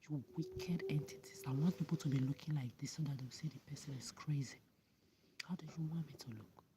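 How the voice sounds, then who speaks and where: A man's voice: on the high side, fairly quick. A man, ranting bitterly at the camera and often dropping into a hissed whisper. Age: 30s. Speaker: vlogger. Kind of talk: angry monologue to camera. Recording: steady background noise.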